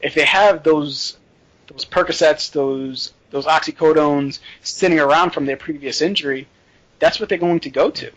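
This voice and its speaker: A man's voice: on the high side, moderate pace, fairly bright tone, rough recording. A man co-hosting a casual podcast, giving short agreements and then explaining a point.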